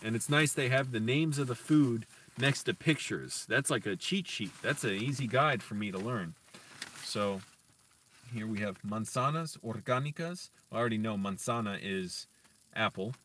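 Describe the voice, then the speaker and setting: A man teaching himself Spanish on a casual stream, slowly sounding out words and correcting himself, with chatty asides to viewers. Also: mid-range voice, a bit bright, distant mic, a little hiss or hum. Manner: slow deliberate sounding-out of words, self-correcting. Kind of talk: casual live-stream language practice.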